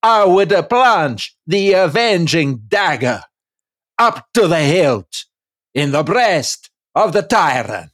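Brief: man voicing a vengeful young Corsican officer, high and grave, heavy put-on accent, slow, dry sound. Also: very animated, a bit bright, no room sound, full character voice. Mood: bitter, vengeful.

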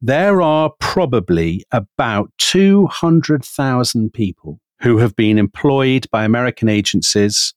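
A man's voice: medium pitch, a little slow, hardly any pauses, no echo. British man telling history with gusto. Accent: British English. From Britain. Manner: animated, storytelling, quotes figures with emphasis. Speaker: podcast co-host. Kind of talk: history podcast storytelling chat.

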